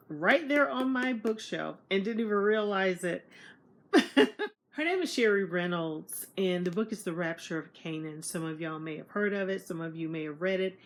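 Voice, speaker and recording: Woman vlogger, chatty storyteller, voices jump up for quotes. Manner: animated, acts out quoted dialogue in higher voice. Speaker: book vlogger. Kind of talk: casual storytelling to camera.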